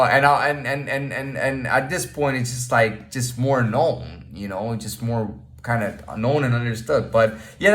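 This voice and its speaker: A man talks to camera in a loose, rambling monologue at an ordinary middle pitch. He keeps restarting his sentences and checking in with "you know what I mean", and now and then he sinks into a quiet mutter. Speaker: vlogger.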